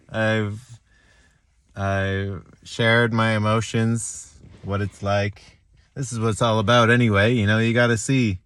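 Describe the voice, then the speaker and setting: Wry, self-mocking man, low voice. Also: fairly bright tone, no echo. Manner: wry, laughing at himself, halting restarts. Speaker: chess vlogger. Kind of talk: rambling self-deprecating reflection.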